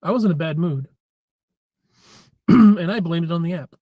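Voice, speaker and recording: A man chatting casually to viewers on a live stream, rambling and often clearing his throat. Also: a little high, unhurried, no room sound, muffled recording. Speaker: livestream host.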